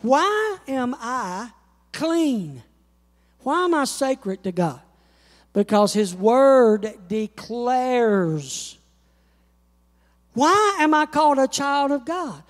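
A man with a very high voice preaches slowly and deliberately, stretching out his words. His delivery is preacherly and climbs to shouts on scripture quotes. The sound carries a long church reverb. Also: big pitch swings. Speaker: pastor. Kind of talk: sermon. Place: church sanctuary.

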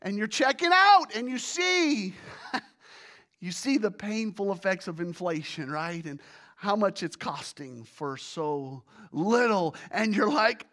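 A pastor preaching a sermon, swinging from hushed, low passages to loud exclamations and acted groans. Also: expressive, slow pace. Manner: illustrates with everyday examples and acted groans.

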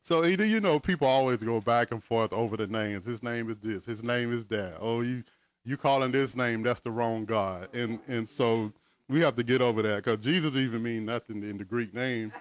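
A man's voice: mid-range voice, moderate pace. A man giving a conversational Bible teaching over a video call, reading verses with casual asides. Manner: casual, asides and chuckles between scripture readings.

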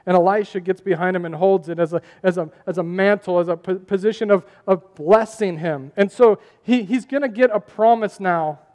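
High-voiced preacher man in an echoey hall. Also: normal speed, few pauses. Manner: animated preaching, asks the crowd questions. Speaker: pastor. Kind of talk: sermon.

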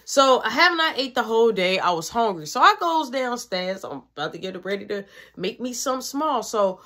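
A woman telling a personal story in casual, fast, profane slang. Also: on the high side, expressive. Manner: fast, profane, slangy, drops to a hush when retelling night scenes.

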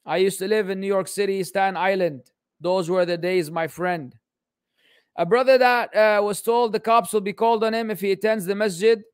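Male Islamic teacher, bantering Q&A, high-pitched, dry close sound. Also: fairly even intonation, normal speed, smooth, dry recording. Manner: joking, exasperated, teasing. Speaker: Islamic teacher answering questions. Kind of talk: casual livestream Q&A lesson.

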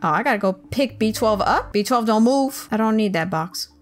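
Lively woman chatting through a game. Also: on the high side, moderate pace, soft background music. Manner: chatty, joking, reacting aloud and talking to game characters. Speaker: gaming channel host. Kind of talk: casual let's-play commentary.

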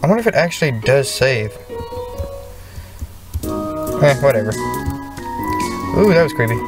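A man's voice: medium pitch, sing-song, unhurried. A man playing a video game and chatting casually as he reacts to what happens on screen. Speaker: let's play gamer. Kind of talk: casual gameplay commentary. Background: game music.

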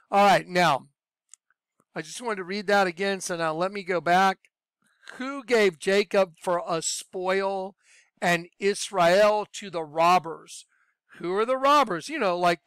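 Guy preaching off the cuff, rambly and worked up, smooth clear voice, dry close sound. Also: high voice, no echo. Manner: rambling and excitable, with fillers and bursts of raised voice. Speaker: online preacher. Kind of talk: informal preaching monologue.

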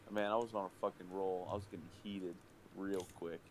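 A man's voice: low-pitched, level tone, fairly quick, slight background noise. A man streaming live, telling a heated, profanity-filled story in casual chat at his desk microphone. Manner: profane, heated ranting anecdote.

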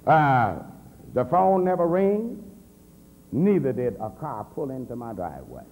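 A man, an assistant pastor, telling his conversion story as a convention sermon, swinging from a low murmur to heated near-shouts. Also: very animated, measured pace. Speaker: minister giving testimony. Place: large convention hall. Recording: reverberant hall with faint hum.

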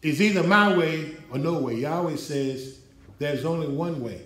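A male pastor preaching an emphatic sermon, his voice rising in pitch as he drives points home to a responding congregation. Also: a little slow, fairly bright tone. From United States. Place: church hall. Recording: echoey hall from far off.

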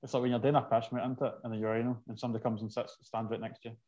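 Fast-talking Scottish man on a dull, lo-fi mic. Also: mid-range voice. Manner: fast, animated banter, sweary. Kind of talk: casual podcast chat. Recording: dull, lo-fi sound.

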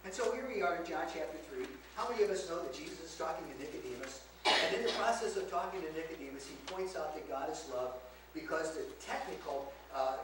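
A man preaching a teaching sermon to a congregation, asking them rhetorical questions as he explains scripture. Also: a little high. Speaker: pastor teaching a Bible lesson. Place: church sanctuary. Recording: very echoey church, mic far off, faint hiss.

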